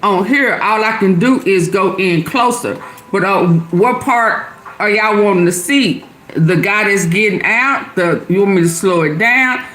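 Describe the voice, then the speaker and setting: Soft music plays behind the middle-aged streamer as she reads chat comments aloud and answers them, laughing a lot. Her mid-range voice is a bit bright and keeps a measured pace.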